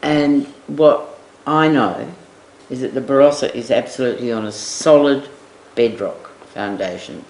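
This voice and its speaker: A man's voice: medium pitch, unhurried, few pauses, darkish tone. A man reflecting in an earnest, reassuring way during a casual chat around a kitchen table. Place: large home kitchen. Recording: roomy kitchen echo.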